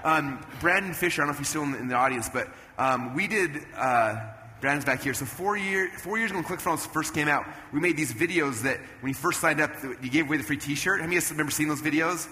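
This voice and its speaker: Man speaking on stage, rapid delivery, fairly high voice, long hall reverb, faint room noise. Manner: animated storyteller, jumps into loud character voices. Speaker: speaker on stage at a business event. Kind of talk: energetic stage talk with acted-out anecdotes. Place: event stage in a large hall.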